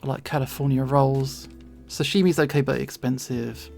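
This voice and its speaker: Gravelly London-accented streamer chatting. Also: medium pitch, fairly even intonation, a little slow, soft background music. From England. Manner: chatty, rambling, self-deprecating, laughs often. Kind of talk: casual chat while drawing. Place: home streaming setup.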